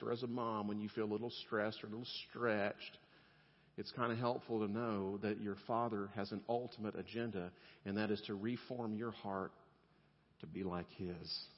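A male pastor preaching a sermon in a relaxed, conversational way, with humor and softer, gentle passages. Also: on the low side, moderate pace. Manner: conversational and humorous, dropping to soft gentle tones. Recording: lo-fi sound with long hall reverb.

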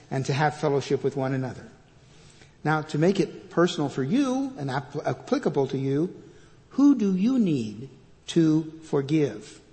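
A man preaching a sermon as pastor, reading scripture loudly and dropping to quiet asides. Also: on the high side, big-room sound.

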